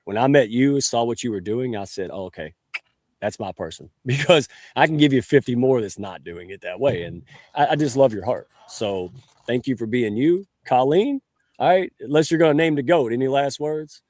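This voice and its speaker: A man's voice: mid-range voice, lively intonation, normal speed, darkish tone, no echo. Man, livestream host on a video call, folksy jokester, close and dry sound. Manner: folksy and joking, calls himself a redneck. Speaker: show host. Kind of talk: casual livestream hosting.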